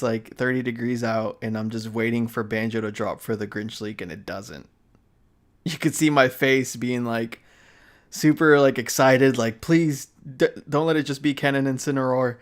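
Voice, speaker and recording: A tired young man chatting casually on a live stream, rambling with many fillers, restarts and laughs. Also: medium pitch. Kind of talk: casual chat.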